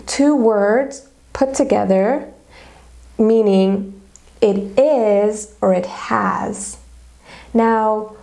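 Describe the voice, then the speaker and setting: A woman's voice: mid-range voice, creaky, mellow. A woman teacher giving a grammar lesson video, explaining methodically step by step with examples.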